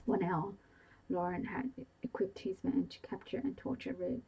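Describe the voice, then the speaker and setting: A woman whispering a bedtime story in a soft, hushed and even way, in a whispered role-play style. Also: mid-range voice, moderate pace, vocal fry, husky, poor audio. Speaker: audiobook reader.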